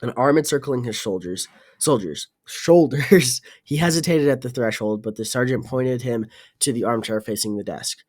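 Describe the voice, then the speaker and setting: A man narrating an audiobook, reading in a halting way with fillers and restarts. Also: mid-range voice, darkish tone. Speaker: audiobook reader.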